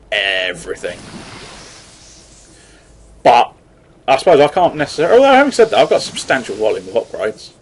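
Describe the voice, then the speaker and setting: A man's voice: mid-range voice, darkish tone, a little hiss or hum, low-quality recording. Rambling, swearing man commentating gameplay. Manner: rambling, swearing, self-mocking. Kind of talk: casual strategy game commentary.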